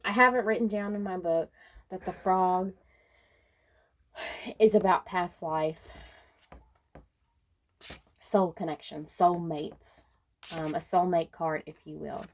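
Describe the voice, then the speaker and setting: A woman talks through a tarot spread in a slow, drawn-out way, thinking aloud as she goes. Her pitch sits at an ordinary middle height, and she often lets out soft little laughs. A faint hiss of noise runs under her voice. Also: steady tone. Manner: unhurried and musing, with frequent soft laughs. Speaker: tarot card reader. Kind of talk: casual spoken tarot reading.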